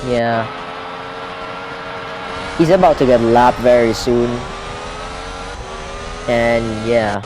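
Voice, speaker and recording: A young man commentating a video game race live, rambling and correcting himself, getting excitable when cars crash out. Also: a little high, slight background noise, rough recording.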